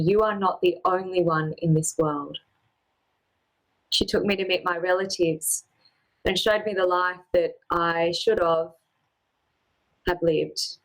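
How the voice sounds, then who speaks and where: A woman performing a personal spoken-word story, with a measured, poetic and deliberate delivery. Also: lowish voice, rough recording.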